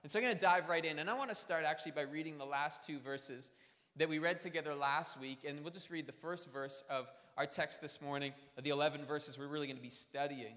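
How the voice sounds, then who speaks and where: A man's voice: on the high side, fairly quick, a bit bright. A man in his thirties preaching a sermon in a church, conversational and storytelling, with self-deprecating asides. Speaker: pastor. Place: church sanctuary. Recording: long church hall reverb.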